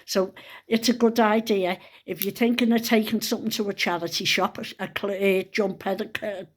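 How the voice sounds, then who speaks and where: A woman's voice: mid-range voice, steady tone, brisk. An older woman, telling rambling stories in a casual monologue, with plenty of swearing. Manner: rambling, chatty, salted with swearing. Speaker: vlogger.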